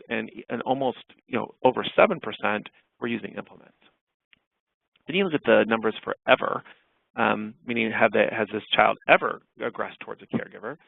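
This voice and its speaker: A man's voice: lowish voice, vocal fry, no room sound. A man giving a webinar talk over slides, casual and full of fillers and restarts. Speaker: clinical researcher presenting a webinar. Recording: dry tinny phone-like webinar audio.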